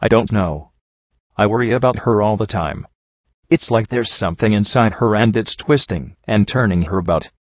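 Brief: anxious, earnest young mare, storybook reading, lowish and dry, a man voicing her. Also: normal speed, no echo, muffled recording, close to an everyday voice. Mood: worried. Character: young mare mercenary Glory, worried.

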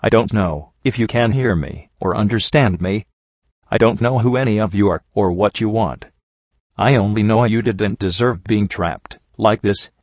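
An anguished young pony mare , read by a man in his low natural voice. Her words come strained and raw. The recording is dull and dry. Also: moderate pace, dry recording. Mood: grieving. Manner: strained, emotional.

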